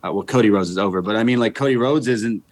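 A man's voice: lowish voice, no echo. Laid-back Canadian man chatting. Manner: laid-back, quick to laugh and chime in. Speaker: podcast guest. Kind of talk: casual chat.

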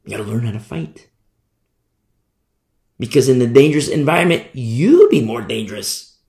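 A man preaching a sermon with fervent emphasis, swinging between loud declarations and hushed asides. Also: mid-range voice, animated, moderate pace. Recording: echoey room.

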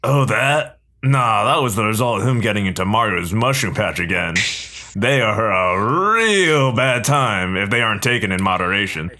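A man's voice: lowish voice, lively intonation, normal speed, sharp tone. A man reading the part of a casual, joking wizard helper in a table read. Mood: wry.

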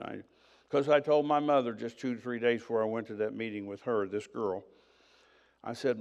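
A man's voice: mid-range voice, steady tone, normal speed, muffled recording. An older man preaching, telling his own story in a conversational way and acting out the dialogue. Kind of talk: sermon testimony.

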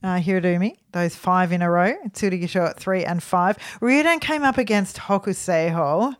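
A woman co-hosting a casual sports podcast, chatty and quick to laugh, often trailing off with fillers. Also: lowish voice, smooth. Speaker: podcast co-host.

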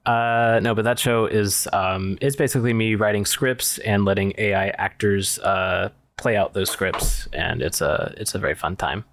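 A man's voice: lowish voice, normal speed, hardly any pauses, fairly bright tone, a little hiss or hum. A man hosting a comedy podcast, casual and hesitant with lots of ums. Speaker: podcast host. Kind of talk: casual chat.

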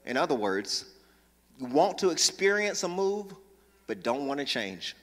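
A man preaching a sermon as pastor, talking with lively energy, joking asides with the congregation and emphatic calls to action. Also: fairly high pitch, unhurried. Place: church sanctuary. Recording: long reverb in large church.

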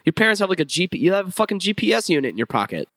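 Young guy fast talking, bright edgy voice, cracking crude jokes on a podcast. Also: high voice, very animated. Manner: quick, joking, crude interjections. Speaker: podcast co-host. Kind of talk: casual podcast banter.

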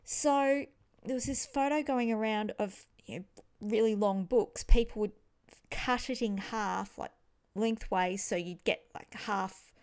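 A woman chatting casually about books, with playful, expressive outbursts. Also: mid-range voice, unhurried, clear, resonant tone. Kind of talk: casual chat.

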